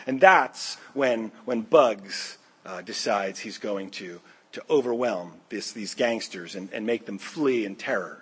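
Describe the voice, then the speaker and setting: A male pastor preaching a sermon, an animated storyteller who acts out the voices of the characters. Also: mid-range voice, moderate pace, slightly rough.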